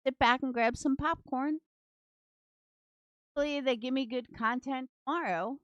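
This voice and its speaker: A woman's voice: sits high, moderate pace, no room sound, dull audio. Blunt, foul-mouthed woman streamer. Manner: blunt, profane and sarcastic. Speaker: true crime commentary streamer. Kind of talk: casual livestream commentary. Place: at home.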